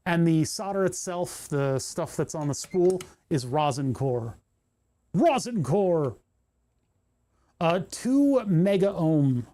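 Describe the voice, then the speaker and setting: Man, livestream soldering talk, mellow dark tone, explains then mutters, frustrated swearing. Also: on the high side. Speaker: streamer building electronics kits. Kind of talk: casual livestream commentary while soldering.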